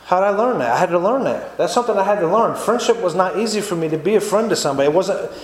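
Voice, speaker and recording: A man's voice: high-pitched, animated, very fast. A man giving an earnest, repetitive testimony sermon in a church. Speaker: lay preacher giving testimony. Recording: echoey church room, faint noise.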